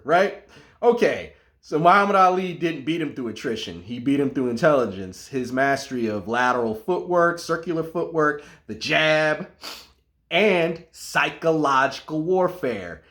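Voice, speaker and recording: A man giving a casual, animated monologue about martial arts, full of asides and restarts. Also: a little high.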